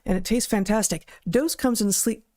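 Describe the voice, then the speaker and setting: A woman co-hosting a podcast, talking casually with a dry, wry manner that is a bit halting at times, and reading sponsor ads. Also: mid-range voice, a little mellow. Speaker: podcast co-host. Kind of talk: casual chat and read ad.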